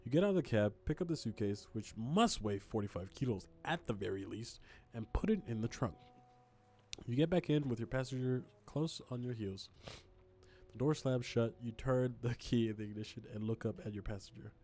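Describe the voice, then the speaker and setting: A man's voice: medium pitch, expressive, normal speed, dark tone. A man reading a narrative game's text aloud and making joking asides as he plays. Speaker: streamer reading a game aloud. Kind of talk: casual game narration and chat.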